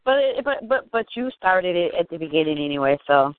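A woman's voice: fairly low pitch, very animated, a little fast, dry recording. A woman co-hosting a casual talk show, teasing her co-host and giggling often. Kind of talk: casual chat. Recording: dry, phone-like audio.

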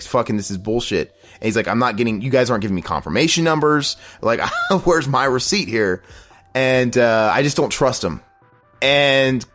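A man hosting a casual podcast, ranting in a loose, profane way. His voice sits at an ordinary middle pitch, and he slips into mocking voices when he quotes others. Faint music runs quietly behind him. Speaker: podcast host.

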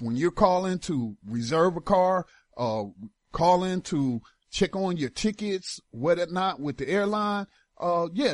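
A man's voice: medium pitch, no room sound, studio quality. A man hosting a talk radio show, giving emphatic political commentary in casual with slang.

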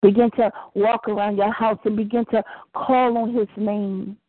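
A woman's voice: mid-range voice, little pitch movement, moderate pace, no room sound. Fervent woman preaching over a phone line. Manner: fervent, rising into impassioned prayer. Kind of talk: preached prayer broadcast.

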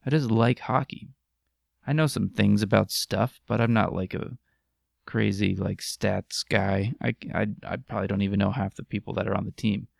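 A man's voice: fairly low pitch, steady tone, normal speed, gravelly, no echo, clean studio sound. A man hosting a podcast in casual chat, rambling, jokey and crude. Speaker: podcast host.

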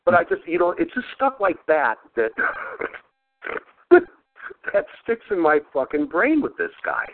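A man's voice: fairly high pitch, wildly swooping pitch, measured pace, no room sound. Laughing, cursing man on a tinny line. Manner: profane, laughs often while telling stories. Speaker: podcast host. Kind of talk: casual storytelling chat. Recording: phone-like narrow sound.

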